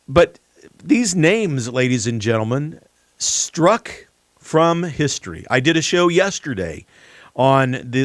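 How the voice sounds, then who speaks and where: A man's voice: medium pitch, dry recording, studio quality. A man hosting a political commentary show, talking emphatically and addressing the audience directly. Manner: emphatic, repeatedly addresses "ladies and gentlemen". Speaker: talk show host.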